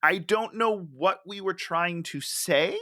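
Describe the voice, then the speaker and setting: A woman's voice: fairly low pitch, takes it slowly, pushed and bright, dry recording, studio quality. A woman co-hosting a podcast, reacting emphatically in casual movie review chat. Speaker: podcast co-host.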